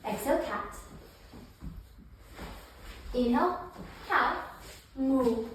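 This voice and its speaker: A woman's voice: on the high side, unhurried, slight background noise. A woman and mother leading her child through a yoga session, playful and encouraging, imitating animal sounds as she goes. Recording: very echoey room, mic at a distance.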